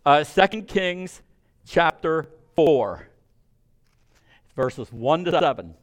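A male preacher with a high voice delivers a sermon, reading scripture aloud and retelling it with emphatic energy. He breaks off now and then for casual asides to his listeners. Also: sing-song, slow.

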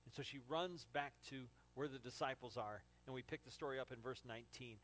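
Male preacher, sermon, animated narrator swinging from hushed to loud. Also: medium pitch, a little fast, few pauses, low-quality recording. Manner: animated storytelling, from hushed to exclaiming. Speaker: pastor.

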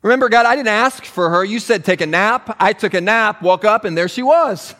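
A man's voice: high-pitched, a little fast, sharp tone, long reverb tail. A man preaching, putting on a whiny, defensive voice for Adam blaming someone else.

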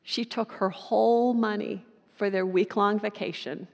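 A woman preacher telling a story in a sermon, in an unhurried, warm anecdotal way. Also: mid-range voice, creaky, big-room sound.

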